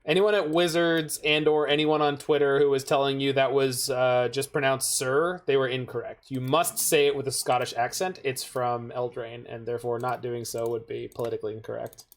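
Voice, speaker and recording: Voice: medium pitch, little pitch movement, normal speed, hardly any pauses. A streamer giving casual gameplay commentary while playing a card game, making dry, joking asides to chat.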